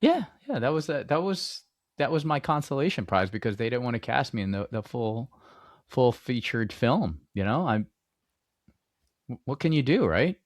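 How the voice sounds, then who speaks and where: Animated man joking on a podcast. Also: mid-range voice, moderate pace, no room sound, clean studio sound. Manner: animated, joking, self-mocking. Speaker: podcast co-host. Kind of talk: casual movie podcast chat.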